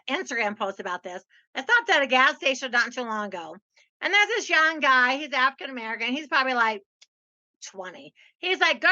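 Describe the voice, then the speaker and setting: Bright high-voiced woman host, lo-fi. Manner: bubbly, expressive storytelling. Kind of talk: conversational interview.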